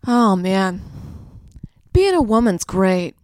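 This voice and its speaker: A woman's voice: mid-range voice, big pitch swings, takes it slowly, a little mellow, no room sound, studio quality. A young woman hosting a podcast, riffing through a crude, rambling comedic monologue. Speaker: podcast host.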